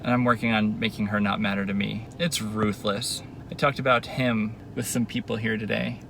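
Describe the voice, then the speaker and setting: A man's voice: lowish voice, level tone, normal speed, vocal fry, fairly bright tone, slight background noise, low-quality recording. A man recording a confessional video diary, rambling and bitter, swearing heavily as he vents.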